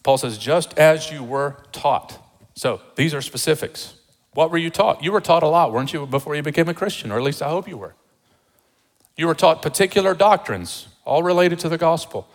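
A pastor preaching a sermon with emphasis, repeating rhetorical questions to the congregation. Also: male voice, on the high side, animated, moderate pace, big-room sound.

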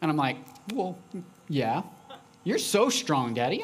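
A man's voice: on the high side, big pitch swings, slow pace, slightly rough. A man preaching a sermon as pastor, talking conversationally and acting out lines from his young daughter.

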